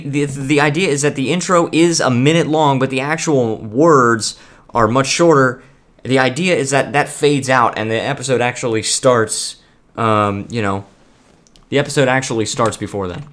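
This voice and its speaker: A man's voice: medium pitch, normal speed, a bit bright. Chatty man streaming a game. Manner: rambling with frequent restarts. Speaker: gaming streamer. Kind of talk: casual live-stream chat.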